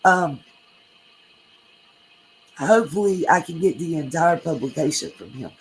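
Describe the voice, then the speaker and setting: A woman's voice: low-pitched, lively intonation, a little slow, slight background noise, low-quality recording. A woman hosting a true crime livestream, chatting casually, reading comments and thanking viewers by name.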